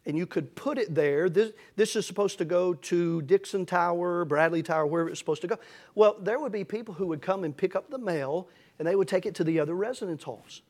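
A man's voice: high voice, fairly quick, a little mellow. A middle-aged man preaching a folksy, storytelling sermon that builds to emphatic passages. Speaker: pastor.

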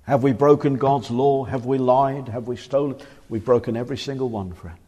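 A man in his forties preaching a fervent sermon in a church, swinging from emphatic declarations to hushed, grave warnings. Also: medium pitch, moderate pace. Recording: reverberant church hall.

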